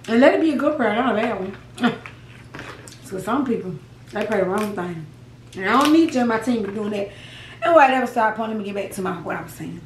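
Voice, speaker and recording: A young woman chatting to her viewers over a meal, folksy and quick to laugh. Her voice sits a little high and lands from a step away from the phone. The room is echoey, with a faint hum behind her. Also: animated, far from the mic. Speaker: mukbang vlogger. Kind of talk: casual chat to camera while eating.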